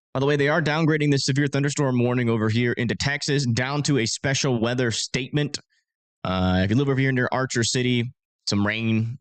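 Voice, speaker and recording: A man's voice: mid-range voice, no room sound. A man in his thirties hosting a casual livestream, chatty and self-deprecating as he talks to viewers. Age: 30s. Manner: chatty, reads donations aloud, self-deprecating. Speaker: storm-chasing livestream host.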